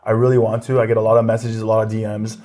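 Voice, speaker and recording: A man's voice: on the low side, flat delivery, rapid-fire, mellow. A man who is a comedian, chatting casually as an interview guest, telling stories with lots of restarts and laughs. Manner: laughing, rambling storyteller with many restarts.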